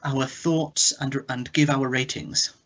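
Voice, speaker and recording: A man's voice: mid-range voice, fairly even intonation, slow, fairly bright tone. A man with an English accent, co-hosting a podcast in casual, rambling chat full of fillers. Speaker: podcast co-host. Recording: dull lo-fi podcast audio.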